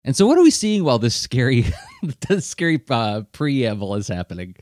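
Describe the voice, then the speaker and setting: A man's voice: medium pitch, big pitch swings, moderate pace, darkish tone, no echo, clean studio sound. A man hosting a podcast in casual chat, talking animatedly, laughing often and using many fillers. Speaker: podcast host.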